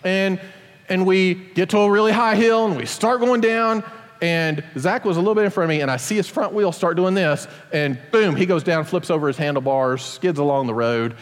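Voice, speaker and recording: A middle-aged father telling a personal story to an audience in an animated, self-deprecating way. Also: high-pitched, normal speed, in a large hall.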